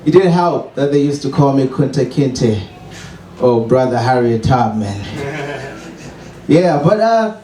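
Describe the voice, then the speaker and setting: A man's voice: mid-range voice, animated, unhurried, pauses often, warm tone, a little hiss or hum. A man from Zimbabwe with a Zimbabwean accent, doing a wry, self-mocking stand-up set and chuckling at his own jokes. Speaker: stand-up comedian. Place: small comedy open mic venue. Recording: echoey room, distant mic.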